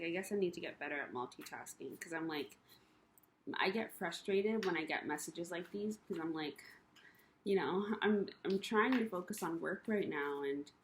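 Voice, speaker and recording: A woman's voice: fairly low pitch, a little hiss or hum. A young woman talking to camera in a rambling, emotional personal rant, full of ums and you-knows. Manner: rambling, confessional, many fillers; emotional, frustrated. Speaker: vlogger.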